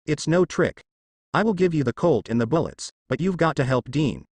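A man's voice: fairly high pitch, lively intonation, moderate pace, darkish tone, husky, no echo. A man voicing a grim, determined hunter father who talks bluntly.

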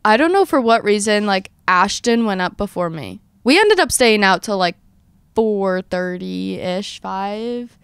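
Smooth-voiced young woman telling a dramatic story. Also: mid-range voice, measured pace, dry recording. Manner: animated, dramatic storyteller acting out her own quotes. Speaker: podcast host. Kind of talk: casual storytelling chat.

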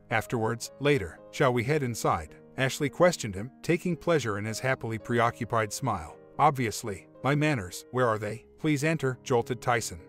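A man reading a relationship story aloud, voicing every part in one steady voice. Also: medium pitch, normal speed, hardly any pauses. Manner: reads all parts in one even voice. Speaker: story narrator. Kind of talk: scripted narration of a relationship story. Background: faint music.

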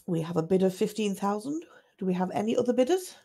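A woman runs a livestream auction in a quick, chatty way. Her voice is heavily gravelly and husky. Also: mid-range voice, expressive, mellow. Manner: brisk, chatty, laughs easily. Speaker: auction host.

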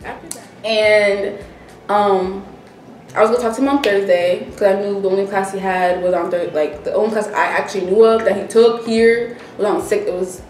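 A woman's voice: mid-range voice, moderate pace. A young woman vlogger casually telling a story, acting out what everyone said. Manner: animated, acts out quoted dialogue. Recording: roomy echo, distant mic, faint music.

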